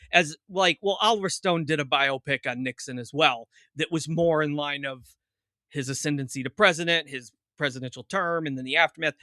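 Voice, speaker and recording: Podcast host, male, very bright tone, dry close sound, rambling jokey delivery. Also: fairly high pitch, no echo. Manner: rambling, self-interrupting, joking. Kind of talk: casual chat.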